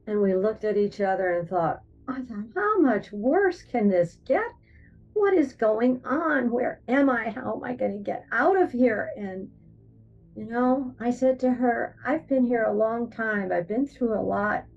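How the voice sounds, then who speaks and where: A woman, perhaps older, giving a personal testimony, animated in her storytelling, jumping up in pitch when she acts out her own thoughts. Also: a little slow, gravelly. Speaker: near-death experience storyteller. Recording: distant, dull sound with soft music bed.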